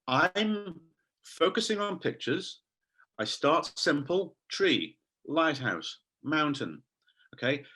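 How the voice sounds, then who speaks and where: A man leading an online teacher training session over a video call, enthusiastic and animated as he quizzes his audience. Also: a little high, slow, breathy edge. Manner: quizzes the audience, reads names from chat.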